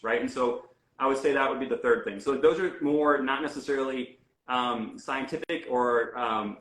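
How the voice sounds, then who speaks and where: A man explains his coaching ideas in a loose, conversational way, full of little fillers and restarts. His voice sits at a middle pitch and carries a roomy echo around it. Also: a bit bright. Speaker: guest health coach. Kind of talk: casual interview talk.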